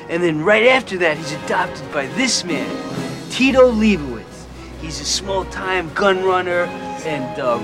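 An actor playing a rambling male stoner who tells a tall tale in a drawn-out, dramatic way. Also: sits high. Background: music.

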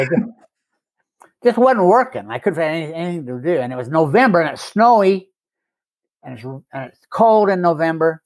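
A man's voice: a little high, no room sound. An older man, a guest, telling his recovery story in a conversational way, with wry self-mocking humor and frequent chuckles.

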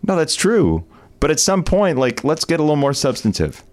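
A man's voice: fairly high pitch, sing-song, normal speed, darkish tone. A man from Chicago, a sportscaster guest on a casual chat, telling stories in a playful way. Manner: playful storyteller.

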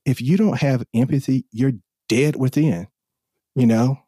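A man's voice: medium pitch, unhurried, dark tone, breathy edge, no room sound, studio quality. A man in his forties from the Southern US, a podcast host speaking earnestly and with passion, often repeating himself for emphasis. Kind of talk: heartfelt podcast conversation.

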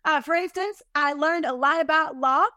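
A woman guest on a podcast, telling her business lessons in an animated, emphatic, self-deprecating way. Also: high voice, normal speed, no room sound, studio quality. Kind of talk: casual interview storytelling.

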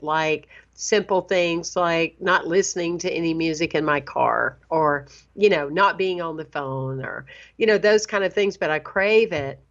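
A middle-aged woman, a minister hosting an interview, earnest and animated, talking in bursts. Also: low-pitched, dull audio. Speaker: host, minister. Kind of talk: interview host chat.

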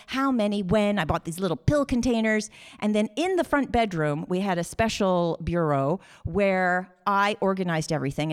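A middle-aged woman, telling a personal story on stage, animated and acting out voices, restarting sentences as she goes. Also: medium pitch.

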